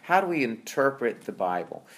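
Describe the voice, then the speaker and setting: A man's voice: mid-range voice, very animated, normal speed. Man teaching scripture in a casual talk. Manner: conversational, with frequent fillers and tag questions. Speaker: Bible teacher.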